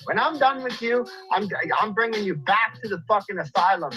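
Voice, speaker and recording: An out-of-breath livestreamer pours out an angry, profane rant, circling back to the same jabs again and again. The voice sits at an ordinary middle pitch. Soft music plays faintly underneath. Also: poor audio. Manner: angry, profane, repetitive ranting.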